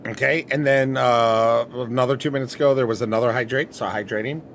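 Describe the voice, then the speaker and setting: A man's voice: mid-range voice, fairly even intonation, a little fast, a little hiss or hum. A man streaming, chatting casually with friends and talking himself through tasks as he goes. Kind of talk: casual livestream chat with friends.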